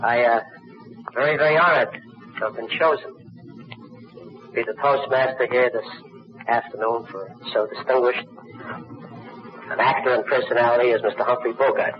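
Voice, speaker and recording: A man hosting a roast, telling comic stories in a mock-sincere tone that climbs into loud, profane punchlines. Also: mid-range voice, steady tone, moderate pace, long pauses. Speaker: master of ceremonies at a roast. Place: banquet hall. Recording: dull noisy 1950s archival recording.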